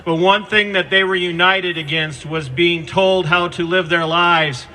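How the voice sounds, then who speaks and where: A man giving an impassioned protest speech outdoors into a handheld microphone, fervent and at times shouting. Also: high voice, steady tone, unhurried. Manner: fervent, addresses the governor directly, rises to shouts. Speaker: protest speaker.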